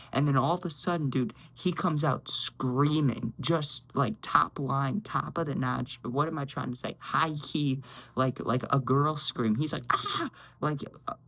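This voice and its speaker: A man's voice: medium pitch, vocal fry, a bit bright, rough recording. Rambling young man telling a storytime. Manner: rambling, says "dude" constantly, acts out quotes. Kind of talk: casual storytime.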